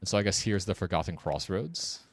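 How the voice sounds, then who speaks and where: A man's voice: deep voice, animated, a little fast, slight background noise. A man streaming a game with casual, wry commentary, muttering sarcastic asides to himself.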